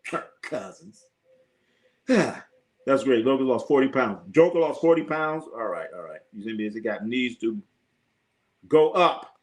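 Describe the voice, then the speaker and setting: Hosting a relaxed sports livestream, a man with a mid-range voice reads viewer comments aloud in an animated but unhurried way, leaving long pauses. He rambles, says things more than once, and swears and laughs a lot.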